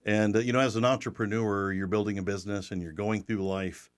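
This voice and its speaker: A man's voice: fairly low pitch, fairly even intonation, brisk. A man, hosting a podcast in a folksy, joking way. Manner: folksy, joking, restarts often. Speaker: podcast host. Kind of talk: casual podcast chat.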